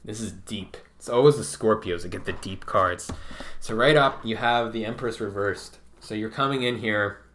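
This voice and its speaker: A man with a low voice reads tarot cards in a relaxed, rambling way. His tone is bright and forceful, and he swears freely and says "like" often. It sounds like a casual reading aimed straight at the viewer. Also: normal speed, a little hiss or hum. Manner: laid-back and profane, heavy use of "like". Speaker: tarot reader.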